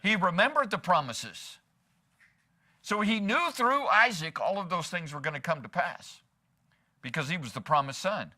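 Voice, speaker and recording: A man's voice: high-pitched, animated, moderate pace, sharp tone. A man as pastor preaching a sermon in church, asking the congregation rhetorical questions and slipping in humor.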